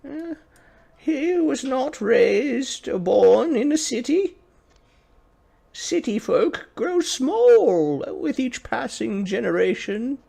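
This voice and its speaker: A man voicing a high-pitched old male monk master who speaks in slow, measured pronouncements. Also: very animated, vocal fry, warm tone, breathy edge, full character voice. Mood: solemn.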